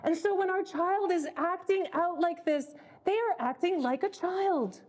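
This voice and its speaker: A woman's voice: extremely high pitch, unhurried, a little mellow. A woman leading a parenting workshop, speaking earnestly and repeating words as she thinks. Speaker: workshop leader.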